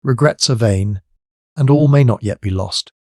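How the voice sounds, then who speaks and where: A man voicing a quick-witted young English gentleman adventurer who talks in a lightly ironic, brisk way. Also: medium pitch, dry recording, studio quality, lightly acted. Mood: wry.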